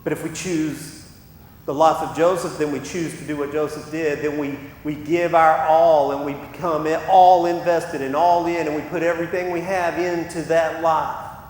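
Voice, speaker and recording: A male pastor delivers an impassioned sermon, breaking into quoted voices to drive his points home. His voice sits fairly high for a man. The sanctuary is echoey, with a long reverb and a faint rumble underneath. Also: steady tone, normal speed, darkish tone. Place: church sanctuary. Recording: echoey church hall with rumble.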